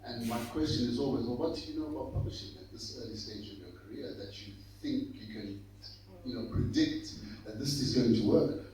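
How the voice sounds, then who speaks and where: A man's voice: medium pitch, fairly quick, dark tone. A man chairing a conference panel, asking questions with hesitant fillers and restarts. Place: conference hall. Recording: echoey hall from far off with faint hum.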